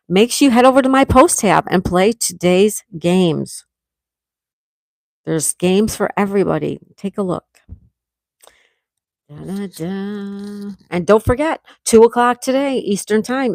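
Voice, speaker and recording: A middle-aged woman hosting a casual livestream, reading viewers' comments aloud and chatting back warmly. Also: mid-range voice, no room sound, clean studio sound. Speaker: livestream host reading chat. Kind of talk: casual live chat.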